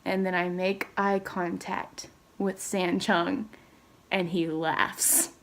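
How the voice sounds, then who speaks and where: A young adult woman telling personal stories in a casual vlog, animated and rambling, full of "like" fillers and sudden jumps in pitch. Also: slow. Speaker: K-pop fan vlogger.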